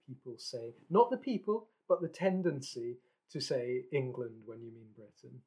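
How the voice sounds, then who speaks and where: A Scottish man co-hosting a podcast, talking casually in a rambling, animated way with frequent restarts. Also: medium pitch, moderate pace, few pauses, slightly rough. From Scotland. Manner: rambling, animated, self-correcting. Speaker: podcast co-host.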